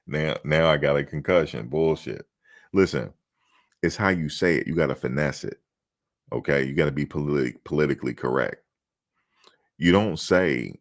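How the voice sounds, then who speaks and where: A man with an extremely low, gravelly voice hosts a loose sports talk show. He riffs and jokes, slipping into mock quotes as he talks. His delivery is casual and animated. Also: moderate pace.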